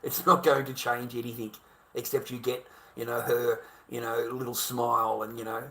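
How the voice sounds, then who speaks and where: Forceful, blunt-spoken Australian man. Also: mid-range voice, level tone, moderate pace. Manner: blunt, heavily profane ranting; repetitive, rhetorical questions. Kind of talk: casual monologue to camera.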